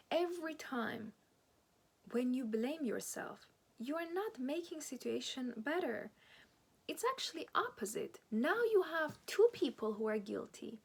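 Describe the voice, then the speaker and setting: A woman's voice: on the high side, breathy edge. Earnest woman giving relationship advice. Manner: earnest, animated, non-native phrasing. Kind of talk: advice monologue.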